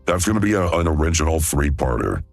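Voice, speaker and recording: Very deep, husky man hosting a stream. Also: big pitch swings, fast talker, soft background music. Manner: smooth and laid-back. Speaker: livestream host. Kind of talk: casual livestream chat.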